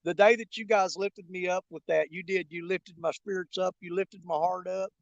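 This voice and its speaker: A man's voice: high voice, steady tone, moderate pace, highs cut off. A man, a fishing vlogger talking casually from a riverbank in a folksy, rambling way. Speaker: fishing channel host. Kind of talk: casual vlog talk while bank fishing. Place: outdoors on a riverbank.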